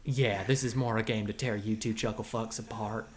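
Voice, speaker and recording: A man's voice: fairly low pitch, steady tone, normal speed, voice pushed down, natural voice. A man voicing a goofy drawling cowboy outlaw who hosts a quiz game, rambling and tripping over his own words. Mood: hammy. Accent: put-on cowboy drawl. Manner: rambling, goofy, self-interrupting. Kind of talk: comedic podcast bit.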